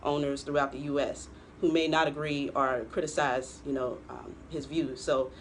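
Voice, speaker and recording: A woman's voice: a bass voice, level tone, moderate pace, a little hiss or hum. A woman co-hosting a political talk show, giving pointed commentary and laughing often. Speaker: co-host.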